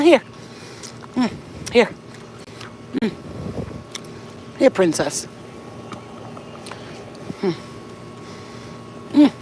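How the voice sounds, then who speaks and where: A woman's voice: lowish voice, animated, takes it slowly, pauses often, a little mellow. A woman vlogging casually as she tends her pets, cooing baby talk at them and swearing offhandedly. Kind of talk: casual vlog chat while caring for pets. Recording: noisy home video with ambient sound.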